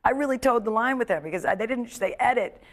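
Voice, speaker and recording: A woman comedian chatting as a guest on a talk show, telling stories with animated asides and quick acted-out voices. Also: fairly high pitch. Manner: animated storyteller, acts out quoted voices. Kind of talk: casual chat. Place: studio of an internet talk show.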